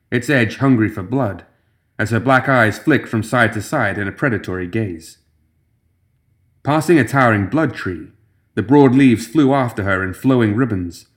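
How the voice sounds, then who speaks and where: A man reading a dark fantasy story aloud in measured, even scripted narration. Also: on the low side.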